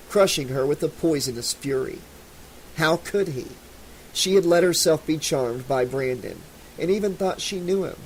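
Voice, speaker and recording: A man's voice: a little mellow, slight background noise, low-quality recording. A man reading an unabridged novel aloud and voicing the characters as he goes. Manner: reads female characters in a raised pitch. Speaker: audiobook narrator.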